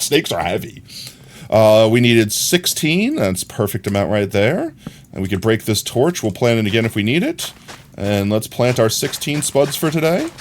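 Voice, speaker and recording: Guy streaming a game, rambling story, voice jumps all over the place. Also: mid-range voice. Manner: rambling, animated storytelling with frequent laughs. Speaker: livestreamer. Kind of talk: casual livestream chat while gaming.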